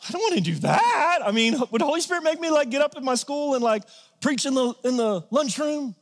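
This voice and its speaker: A man with a notably high speaking voice delivers a sermon in a lively, conversational way, dropping to quiet asides and then surging into emphatic, shouted lines. The sound carries a long reverb from a large church sanctuary. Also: brisk. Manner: energetic, conversational preaching with sudden loud peaks. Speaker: pastor.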